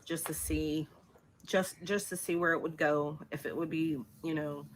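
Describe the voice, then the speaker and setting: A woman's voice: low voice, fairly even intonation. Anxious woman vlogging, faint hiss. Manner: anxious, halting, vulnerable. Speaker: vlogger in a played clip. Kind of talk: personal confessional vlog.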